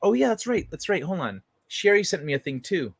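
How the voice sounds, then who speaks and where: A man's voice: sits high, big pitch swings, a little fast, creaky, slightly rough, dry recording. A young adult man hosting a late-night livestream, chatting casually and reading viewer messages, loose and profane, rambling with many restarts. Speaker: livestream host.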